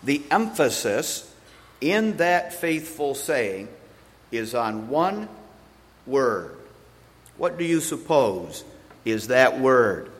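A man preaching an expository sermon, slow and deliberate, pausing between phrases and leaning hard on single words. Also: mid-range voice, big pitch swings. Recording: long hall reverb.

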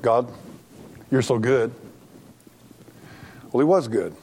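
A man's voice: medium pitch, takes it slowly, vocal fry, darkish tone, a little hiss or hum. A middle-aged man preaching a sermon as pastor, earnest and plainspoken, often restarting his sentences.

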